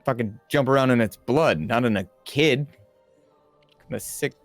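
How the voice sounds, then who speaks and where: A man's voice: medium pitch, a little slow, no room sound, faint music behind. A man playing a tabletop game in character, talking bluntly and sarcastically with frequent swearing. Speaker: player.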